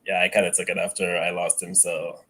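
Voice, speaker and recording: A young man with an African accent calling in to a stream, shy and soft-spoken, laughing often. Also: sits low, completely flat delivery, brisk. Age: young adult. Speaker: caller. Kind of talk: casual chat.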